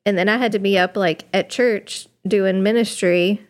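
A woman in casual chat on a podcast, relaxed as she recounts a story. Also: mid-range voice, moderate pace.

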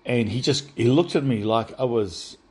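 A man telling a personal spiritual testimony in an earnest, halting way, often restarting and repeating words. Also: medium pitch, darkish tone, slightly rough. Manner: earnest, addresses listeners directly. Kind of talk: rambling first-person testimony.

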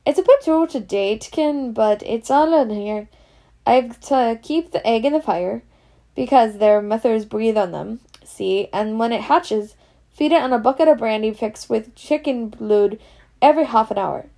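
A woman's voice: a little high, unhurried, warm tone. A woman reading aloud and voicing a big, kindly, secretive male gamekeeper with a broad Scots accent and dialect words. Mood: proud.

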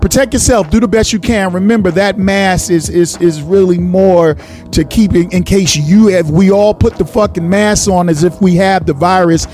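A man's voice: high-pitched, fairly even intonation, moderate pace, darkish tone, faint music behind. A male radio host talking casually, blunt and profane as he rants to his listeners.

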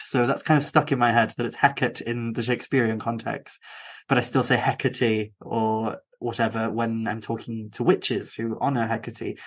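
A young man with a Welsh accent, hosting a podcast and chatting casually, with quick asides and frequent restarts. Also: medium pitch. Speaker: podcast host. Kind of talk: casual conversation.

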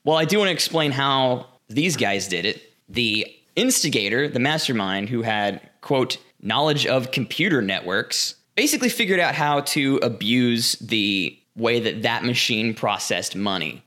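A man's voice: medium pitch, animated, normal speed, hardly any pauses, sharp tone. A man co-hosting a podcast, explaining things in a chatty, casual way. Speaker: podcast co-host. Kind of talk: casual chat.

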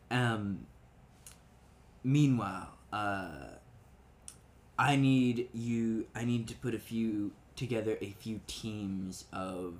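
A man's voice: lowish voice, extremely slow, long pauses. Hesitant game master voicing his villain. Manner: hesitant, many fillers, laughs often. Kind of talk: narrating a tabletop game.

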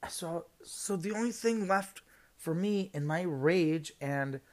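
A young man with a high-sitting voice speaks slowly but with lots of energy as a guest on a casual podcast. He retells a story from his job as a heated rant, swearing and breaking into emphatic outbursts.

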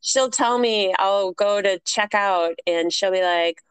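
A woman co-hosting a podcast, chatting casually and telling stories in an animated way. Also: medium pitch, slow pace, clean tone, dry recording, low-quality recording. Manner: chatty, animated storyteller who laughs often. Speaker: podcast co-host. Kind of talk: casual chat.

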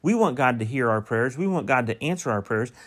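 A man delivering a sermon. He reads the scripture in a measured way, then preaches with rising emphasis. He puts pointed questions straight to the congregation. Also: mid-range voice, lively intonation.

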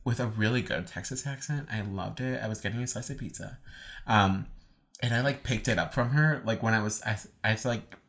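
A young woman co-hosting a casual podcast, telling jokey stories and reacting in an animated way. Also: rumbling low, fairly quick. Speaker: podcast co-host. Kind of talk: casual chat reviewing a movie.

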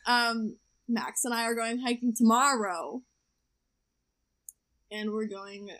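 A woman's voice: on the high side, fairly even intonation, slow, fairly bright tone. A young woman telling a dating story in a casual podcast chat, chatty and laughing often. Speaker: podcast co-host.

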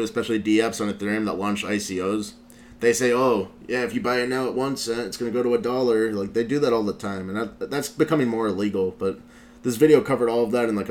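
A man's voice: lowish voice, a little hiss or hum. A male show host in casual commentary, recapping a video in a rambling way with lots of filler words. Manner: rambling, heavy use of "like" fillers.

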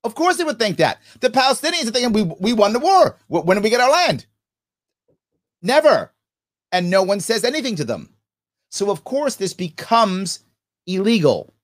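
A man hosting a podcast, reading listener comments and giving emphatic commentary that repeats its points. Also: sits high. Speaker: podcast host. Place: New York City.

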